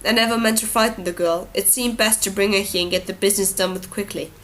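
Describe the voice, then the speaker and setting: A woman voicing a gruff, weary bearded king who speaks impatiently and blusters, in an audiobook reading. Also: mid-range voice, steady tone, fast, a bit bright, lightly acted, low-quality recording.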